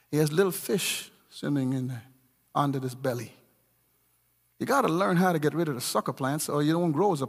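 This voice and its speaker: A middle-aged man preaching a sermon as pastor, swinging from low murmurs to shouted emphasis. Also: gravelly, slightly rough. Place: church. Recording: long reverb of a large church hall.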